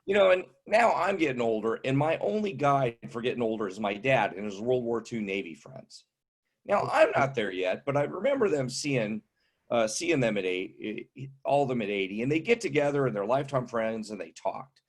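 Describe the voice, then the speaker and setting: A man in his fifties doing stand-up comedy with wry, deadpan setups. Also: mid-range voice, moderate pace. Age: 50s.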